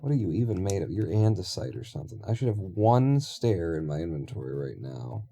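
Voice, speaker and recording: A man's voice: sits low, animated, brisk, dark tone, slightly rough. A man streaming a building game, rambling and thinking aloud in casual talk with offhand swearing.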